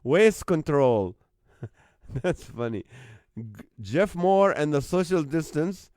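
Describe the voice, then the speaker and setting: A man's voice: fairly high pitch, lively intonation, slow, a little mellow, no echo, studio quality. A man hosting a live call-in comedy stream from home on his phone. He keeps laughing as he reads out viewers' joke band names. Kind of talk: casual live-stream chat reading viewer comments.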